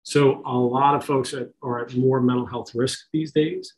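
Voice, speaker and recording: A man's voice: medium pitch, steady tone, normal speed, darkish tone, rough recording. A middle-aged man giving an informal talk to parents, conversational, with many fillers and restarts. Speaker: speaker at a parent talk on kids and technology.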